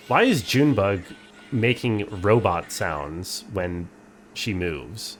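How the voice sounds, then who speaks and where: A man's voice: fairly low pitch, sing-song, measured pace, soft background music. A young man streaming a game, reading its text aloud and chatting dryly with viewers. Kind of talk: casual game playthrough commentary.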